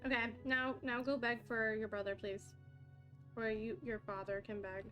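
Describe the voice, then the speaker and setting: A woman talks to her chat while she plays, thanking followers and reacting loudly when things go her way. Her voice sits high and bright. Faint game music plays in the background. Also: normal speed, lo-fi sound. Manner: chatty, excitable, talks to chat while playing. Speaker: streamer. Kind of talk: live game stream chat.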